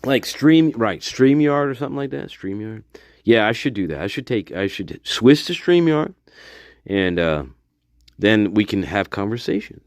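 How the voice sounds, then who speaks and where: A man's voice: lowish voice, expressive, normal speed, no echo, clean studio sound. A man hosting a casual livestream, talking in a rambling, profane, repetitive way and laughing often. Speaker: livestream host.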